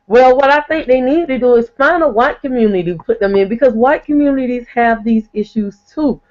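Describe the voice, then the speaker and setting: Steady, explaining man on lo-fi audio. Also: very high voice, fairly quick. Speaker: panel guest. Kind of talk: online panel discussion. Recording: dull lo-fi call audio.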